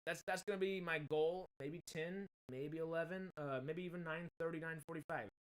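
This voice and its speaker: A man's voice: a little high, fairly even intonation, normal speed. Male streamer, casual and rambling, desktop mic at home. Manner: rambling, self-correcting while fixing mic problems. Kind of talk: casual livestream chat. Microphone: desktop USB mic with pop filter.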